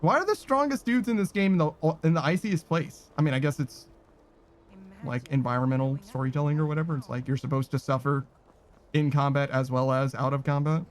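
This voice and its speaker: A man's voice: fairly high pitch, a little fast. A man giving casual, profane, sarcastic commentary while playing a video game. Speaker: gaming streamer.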